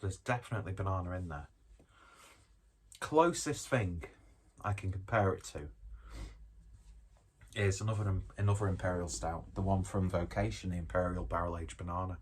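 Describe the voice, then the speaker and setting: This man's deep voice moves at a moderate pace with frequent pauses, over slight background noise. His beer review is a loose, rambling tasting chat, full of self-mocking humor and casual cursing.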